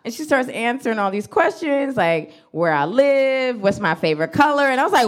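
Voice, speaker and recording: A woman does stand-up storytelling from a club stage into a handheld mic. Her voice sits a little high and leaps around constantly. She acts out each quote with big jumps, breaking into laughter between lines. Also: very animated, normal speed, hardly any pauses. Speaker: stand-up comedian.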